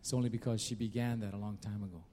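A man, a pastor, encouraging his church and then leading a calm prayer. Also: on the low side, fast talker, big-room sound, slight background noise. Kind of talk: sermon and prayer. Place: church sanctuary. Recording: music playing underneath.

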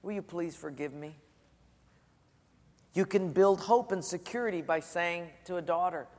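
A man delivers a sermon in a storytelling way, often softening to a near-hush for quoted lines. His voice sits a little high, and it echoes through a hall with a long reverb tail. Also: measured pace, pauses often. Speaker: pastor.

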